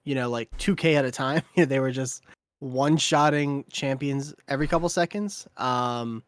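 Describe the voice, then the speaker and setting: A man giving color commentary on a live esports match, laid-back and halting, with many fillers. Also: medium pitch, smooth. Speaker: esports co-caster.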